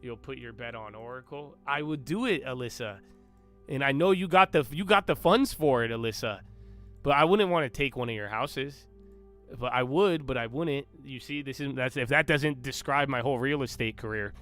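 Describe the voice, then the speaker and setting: A young male streamer talks trading with his chat, cocky and loose, bragging, bantering and swearing along the way. His medium-pitched voice is fairly bright and moves at a normal speed over faint background music.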